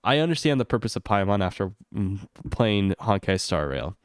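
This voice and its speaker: A man on a stream venting in a loose, profane rant, his voice smooth and resonant in a dry, close sound with no room echo. His frustration builds until his pitch shoots up high, then settles back to a medium-toned grumble. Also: big pitch swings, moderate pace. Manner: exasperated, swearing rant that climbs high when heated. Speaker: gaming streamer. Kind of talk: unscripted ranting stream commentary.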